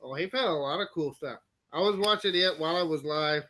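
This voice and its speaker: A man's voice: a little high, brisk, bright, forceful tone, a little hiss or hum. A man co-hosting a casual live stream, making brief, easygoing remarks.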